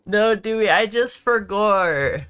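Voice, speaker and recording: Chatty young male streamer, smooth voice. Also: high voice, takes it slowly, fairly bright tone, no room sound. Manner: rambling, chatty, self-correcting, answers chat questions. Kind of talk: casual live-stream chat.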